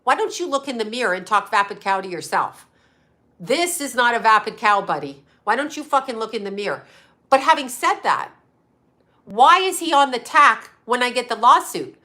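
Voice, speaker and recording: A middle-aged woman, a psychic medium, ranting on a livestream with angry, profane, rapid-fire questions aimed at a critic. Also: fairly high pitch, sing-song, bright, forceful tone. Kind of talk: heated livestream rant to viewers.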